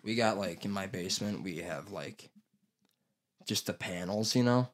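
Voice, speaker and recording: A young man hosting a podcast, telling stories in casual chat, rambling, swearing freely and breaking into loud impressions. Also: low voice, moderate pace. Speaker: podcast host.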